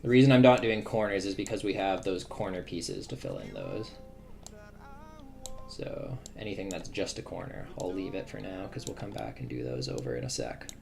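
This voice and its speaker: A man's voice: very animated, normal speed, gravelly. A man streaming live as a game developer, chatting casually and thinking aloud as he works, with lots of fillers and restarts. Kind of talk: casual livestream commentary while working. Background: faint drum and bass music.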